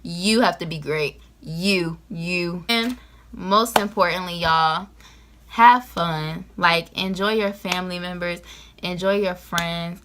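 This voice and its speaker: A woman's voice: on the low side, slow pace, background noise. A teenage girl from Georgia, giving casual advice in a vlog, talking straight to the camera. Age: late teens. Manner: lively, talks straight to camera, lots of "you know what I'm saying". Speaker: vlogger.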